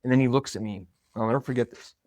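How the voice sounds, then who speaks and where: A man's voice: medium pitch, fast, darkish tone, no echo. A man, probably middle-aged, telling a personal story in a conversational, reflective way. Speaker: marketing coordinator.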